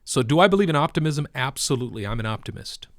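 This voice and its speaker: A man's voice: mid-range voice, animated, fast, dry recording, clean studio sound. A man giving casual commentary on the crypto market, with emphatic, preacher-like repetition.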